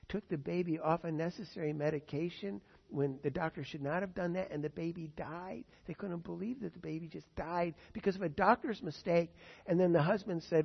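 A man with a slightly high voice preaches in a relaxed, conversational way, with fillers and prayers spoken as if they were his own. The recording is dull and lo-fi. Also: vocal fry. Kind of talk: sermon. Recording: dull lo-fi sound.

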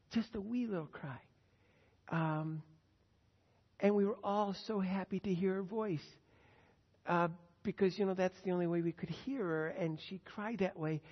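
An older man preaches with earnest feeling, his voice swelling loud on the words he stresses. The sound is muffled and lo-fi, ringing out in a long hall reverb. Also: sits high, husky. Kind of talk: sermon.

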